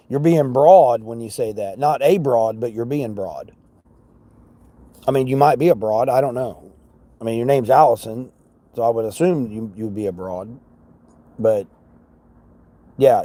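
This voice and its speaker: A man's voice: medium pitch, warm tone. A man chatting casually with a live audience while picking a shopping order in a large store, joking and mildly exasperated. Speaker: livestreaming grocery shopper.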